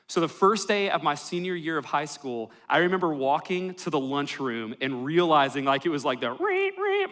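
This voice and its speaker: A young male pastor with a fairly high, bright voice preaches a sermon in a church worship hall. He tells personal stories and jokes at his own expense throughout.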